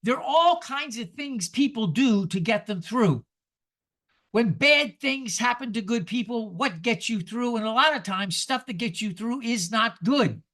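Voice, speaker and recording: A man in his seventies giving a sermon, emphatic and lively, asking the congregation rhetorical questions. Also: very high voice, a little slow. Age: 70s. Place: church sanctuary.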